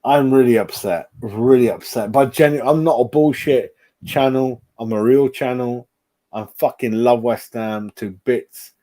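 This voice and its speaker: Mellow-voiced man ranting about football. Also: mid-range voice, a little slow. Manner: ranting, heavy swearing, rambling asides. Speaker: football fan channel host. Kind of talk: live-stream match reaction.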